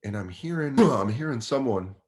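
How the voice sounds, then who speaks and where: A man's voice: medium pitch, lively intonation, normal speed, a little mellow. A man, a guest comedian in his thirties, telling a casual, profane story and acting out other people's voices.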